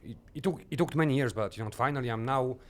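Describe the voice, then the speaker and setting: A man's voice: medium pitch, fast talker, a crowd in the background. A man from Bulgaria, a filmmaker guest on a radio talk show, speaking hesitantly with many restarts. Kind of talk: radio interview. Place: radio studio.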